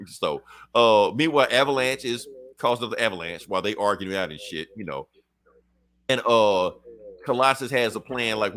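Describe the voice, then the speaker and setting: Casting: male podcast co-host, lively storyteller, swears freely, jumps into character voices mid-sentence. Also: on the low side, normal speed. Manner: animated retelling, acts out characters' lines, profane, laughs often. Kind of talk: casual comic recap.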